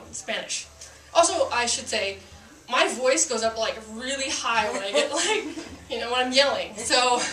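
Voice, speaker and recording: A woman's voice: fairly high pitch, pushed and bright, roomy sound, distant mic, a little hiss or hum. A woman who is a police officer telling a story to a live audience, chatty and self-mocking with lots of fillers.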